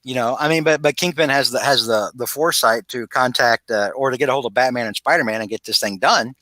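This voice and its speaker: Talking fast, this podcast co-host animatedly retells a story in casual conversation, acting out quotes and stumbling through many restarts. His medium-pitched voice comes across bright and forward. The audio is dry and close, with no room sound.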